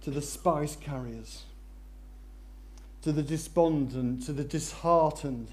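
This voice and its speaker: A male preacher gives a sermon in a voice pitched a little high for a man, taking it slowly. He's animated, swelling into loud, excited passages before sinking to a hushed intensity.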